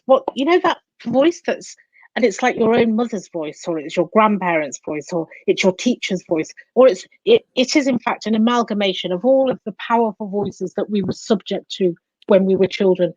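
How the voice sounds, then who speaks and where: A woman being interviewed as a coach and psychotherapist, explaining in an animated way and acting out the inner voices she describes. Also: mid-range voice, normal speed, no room sound, muffled recording.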